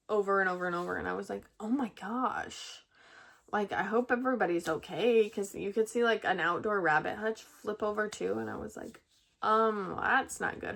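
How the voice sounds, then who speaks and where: Chatty young woman telling a story. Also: mid-range voice. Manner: chatty, rambling, lots of fillers and restarts. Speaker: vlogger. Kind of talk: casual storytelling to camera. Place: at home with pet rabbits.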